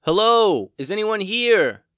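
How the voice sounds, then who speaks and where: A man voicing a brave young boy adventurer who calls out loudly and eagerly. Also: medium pitch, moderate pace, no echo, studio quality, lightly acted. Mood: calling out. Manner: loud, calling out eagerly.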